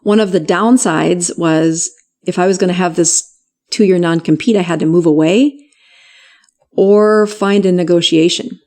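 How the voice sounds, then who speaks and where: A middle-aged woman physician telling her story in an interview, animated and laughing often as she acts out what people said. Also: lowish voice, a little slow. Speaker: physician guest.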